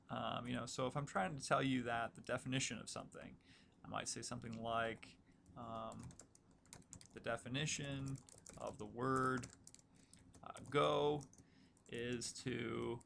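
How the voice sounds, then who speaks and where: Male writing instructor, gravelly voice, casual lecture delivery full of fillers, faint background hiss. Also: mid-range voice, fairly bright tone. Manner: casual, filler-heavy explaining. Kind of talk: recorded lecture walkthrough.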